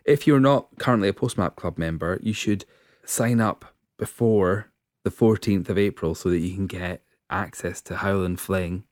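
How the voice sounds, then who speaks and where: A man's voice: moderate pace, dry recording. A man hosting a casual podcast, joking and laughing often. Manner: jokey, laughs often, wide swings in pitch. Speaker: podcast host.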